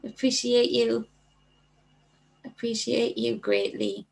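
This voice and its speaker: A woman hosting a casual livestream, chatting warmly and reading viewer comments aloud. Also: on the high side, little pitch movement, takes it slowly, vocal fry, rough recording. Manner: chatty, reads viewer comments aloud and thanks them by name. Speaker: livestream host.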